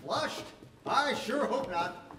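A performer voicing a bashful young American ex-soldier with an American accent who giggles nervously. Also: male voice, extremely high pitch, expressive, slow pace, roomy sound, recorded from a distance, background noise, heavily acted.

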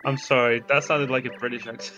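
A man's voice: medium pitch, little pitch movement, fast, highs cut off, music in the background. A man bantering casually on a live stream, firing off wry, swearing reactions. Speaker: co-player commenting.

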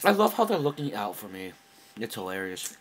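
A woman's voice: a bass voice, sing-song, brisk, slight background noise, poor audio. A woman teasing her gaming partner in casual chat, often laughing. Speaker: gamer.

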